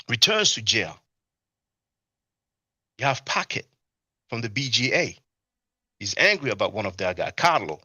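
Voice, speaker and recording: A man's voice: mid-range voice, bright, forceful tone, dry recording, studio quality. A man giving casual commentary on a live stream and reading chat, mocking and scornful, often asking "you see?". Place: abroad in Europe.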